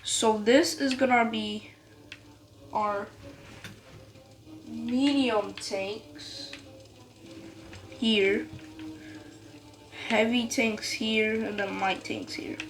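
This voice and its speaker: Brief: woman gamer, unhurried commentary, higher voice, game noise behind. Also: faint music behind. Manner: chatty, excitable outbursts, says "y'all" and "bro". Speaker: gaming video creator. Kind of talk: casual gameplay commentary. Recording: noticeable background noise with game sounds.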